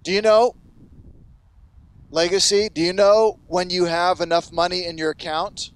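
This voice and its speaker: High-voiced pastor preaching with dry sound. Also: male voice, flat delivery, a little slow, smooth, dry recording. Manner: earnest, acts out self-righteous prayers. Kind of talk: sermon.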